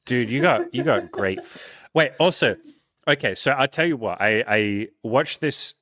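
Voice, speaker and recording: A man's voice: medium pitch, expressive, unhurried, a bit bright, dry recording, clean studio sound. A man hosting a casual coaching interview, talking animatedly, swearing freely and acting out little bits of dialogue. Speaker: dating coach and host.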